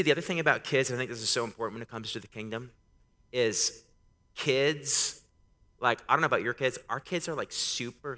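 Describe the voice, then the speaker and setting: Man preaching with bright hall reverb. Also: mid-range voice. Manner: casual storytelling, rising to an emphatic preaching build. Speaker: pastor. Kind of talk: sermon. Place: church sanctuary.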